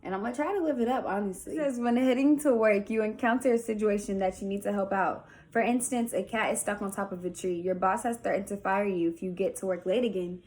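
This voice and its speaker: Young woman vlogger, candid, rambling Q&A chat, mid-pitched voice. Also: quick pace, hardly any pauses, a little mellow. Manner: chatty and candid, lots of "like". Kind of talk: casual Q&A vlog. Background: faint music early on.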